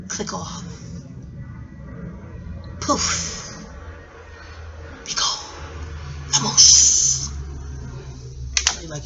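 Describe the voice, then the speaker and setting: A woman's voice: mid-range voice, extremely slow, pauses often, noisy background. A middle-aged American woman vlogging in a scattered, rambling way, jumping between tangents and swearing freely. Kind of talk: casual rambling commentary.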